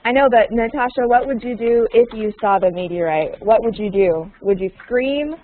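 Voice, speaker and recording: A woman's voice: on the high side, moderate pace. Woman teacher on a tinny line. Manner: patient, repeats questions, explains words. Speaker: English teacher. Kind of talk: online group class. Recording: tinny phone-like audio.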